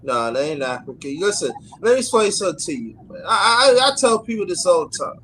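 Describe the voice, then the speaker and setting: A man's voice: high-pitched, very animated, quick pace, a bit bright, a little hiss or hum, rough recording. A man with a New York accent in casual panel talk. He speaks emphatically and often repeats words as he builds a point. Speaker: panel guest on a talk stream.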